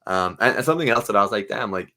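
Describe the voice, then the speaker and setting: A man's voice: fairly low pitch, expressive, rapid-fire, bright, forceful tone. A man co-hosting a fan podcast, chatting casually and enthusiastically with many fillers. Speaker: podcast co-host.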